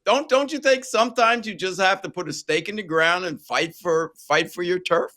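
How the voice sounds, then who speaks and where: A man's voice: high-pitched, normal speed, sharp tone. A man hosting a political interview, asking questions and making his points earnestly. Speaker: host.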